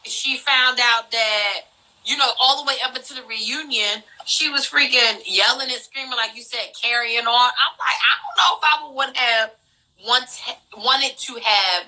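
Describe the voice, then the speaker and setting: Chatty woman with a bright voice. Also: a little high, measured pace, low-quality recording. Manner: chatty, frequent "like" and "um" fillers. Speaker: podcast co-host. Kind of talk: casual chat.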